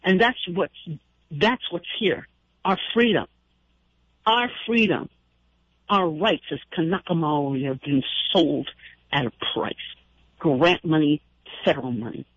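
A man's voice: on the high side, measured pace, a bit bright. A man hosting a call-in radio show, speaking in an impassioned, indignant, rambling way with frequent restarts. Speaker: radio talk show host. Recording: dull lo-fi radio broadcast.

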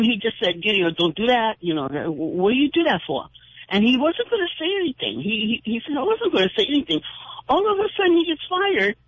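A man's voice: very high-pitched, no room sound. A man hosting a call-in radio show, speaking in an impassioned, indignant, rambling way with frequent restarts. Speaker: radio talk show host. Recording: dull lo-fi radio broadcast.

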